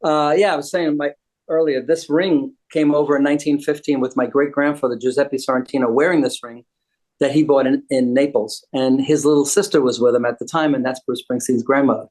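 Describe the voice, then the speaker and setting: A man's voice: mid-range voice, fairly even intonation, a little fast, a little mellow. A joking older man from the United States, talking casually as a guest. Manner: joking, wisecracking. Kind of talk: casual chat.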